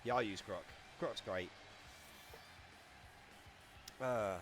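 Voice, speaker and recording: A man giving casual, excitable live-stream commentary on a wrestling game, chatting and laughing as he goes. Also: lowish voice, normal speed, soft background music.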